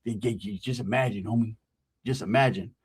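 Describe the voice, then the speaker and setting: A man doing a low, drawling older homie. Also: slightly rough. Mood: laid-back. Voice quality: low, slow drawl, calls everyone homie. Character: tough older gang homie, calm, possessive.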